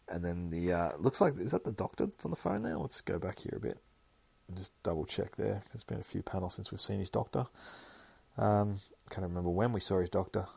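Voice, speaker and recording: A man's voice: sits low, lively intonation, a little fast, creaky, darkish tone, slightly rough, dry recording. A man hosting a casual, rambling comic book recap with lots of swearing and self-corrections. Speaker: podcast host.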